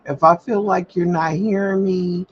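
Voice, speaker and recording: Unhurried and steady in tone, with a voice on the low side, the host of a casual livestream prints paperwork at home. She rambles candidly, stressing points through repetition, and a faint hum sits under the slightly dull audio.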